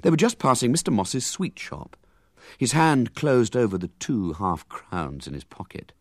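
A man reading a children's story aloud with lively, animated narration. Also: medium pitch, normal speed, dry recording, studio quality.

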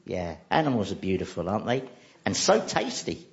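Casting: wry comedian, animated delivery, slightly dull recording. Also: male voice, low-pitched, a little fast, vocal fry, heavy background noise. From central London. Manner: dry, wry, self-mocking. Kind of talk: comic monologue.

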